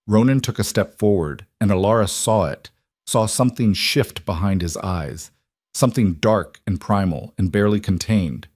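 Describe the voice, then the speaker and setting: A man narrating a paranormal romance audiobook in a dramatic, measured way. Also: low-pitched, a little mellow, dry recording, studio quality. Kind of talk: scripted narration.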